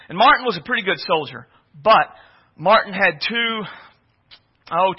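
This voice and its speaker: A man preaching a sermon, telling a personal story in an animated way and often repeating words. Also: sits high, slightly rough. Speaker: pastor. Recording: dull lo-fi recording.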